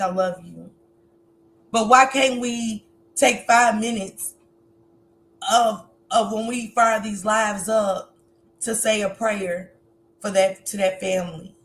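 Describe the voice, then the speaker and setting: A woman with a grown son hosts a livestream, addressing her viewers directly in casual commentary that turns emotional and preachy. Her voice sits on the high side and sounds gravelly, with slight background noise.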